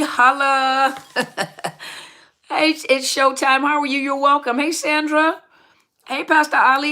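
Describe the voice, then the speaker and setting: Unhurried and pausing often, this middle-aged woman speaks in a high, bright, forceful voice. She runs a casual live question-and-answer stream about narcissistic abuse, warmly welcoming viewers by name and frequently laughing.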